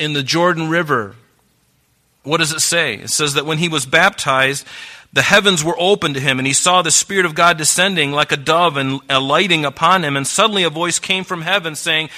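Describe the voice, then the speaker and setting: A man preaching a sermon, reading scripture aloud and urging listeners to mark their Bibles, earnest and moving between hushed and emphatic delivery. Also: a little high.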